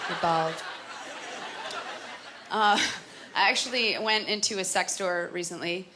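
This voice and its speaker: A woman's voice: fairly low pitch, measured pace, a crowd in the background. Woman doing stand-up in a noisy club. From Canada. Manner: chatty, self-deprecating, voices for characters. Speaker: stand-up comedian. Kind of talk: stand-up comedy set. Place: comedy club stage with audience laughter. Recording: noisy live club recording.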